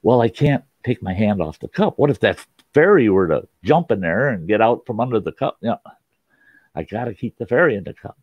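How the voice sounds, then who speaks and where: A man's voice: lowish voice, sing-song, a little fast, dry recording. A man hosting a show, telling a childhood story in a folksy, casual way with frequent laughs. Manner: folksy, laughs often, mild cursing. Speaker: host and storyteller. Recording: dull, lo-fi sound.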